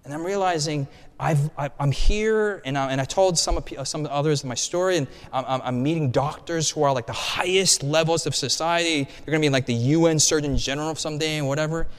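A male pastor preaching a storytelling sermon, animated and conversational, with frequent restarts and asides. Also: a little high, brisk, few pauses, clean tone. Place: church hall. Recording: long hall reverb.

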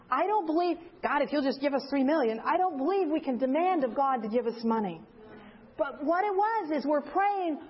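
An older woman giving a sermon, telling a story with lively acted-out quotes. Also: high-pitched. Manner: animated storyteller acting out quotes. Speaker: speaker. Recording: dull lo-fi sound.

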